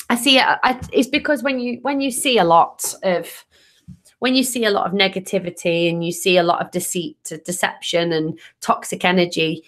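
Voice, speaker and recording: A woman's voice: mid-range voice, a bit bright. A woman tarot reader hosting a casual live stream, upbeat and chatty, restarting sentences as she answers viewer comments.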